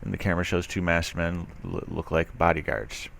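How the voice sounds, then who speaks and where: This deep, creaky male voice is brisk and level, with a fairly bright tone, and the recording carries a little hiss or hum. The speaker is a commentary video host who reads a news article aloud and mocks it skeptically, rambling with frequent fillers and restarts.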